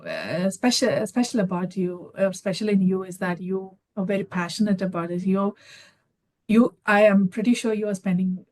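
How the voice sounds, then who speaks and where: A woman's voice: medium pitch, moderate pace, a little mellow. A middle-aged woman from India with an Indian English accent, encouraging and hesitant, full of fillers and restarts. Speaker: guest conversation partner. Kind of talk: casual conversation.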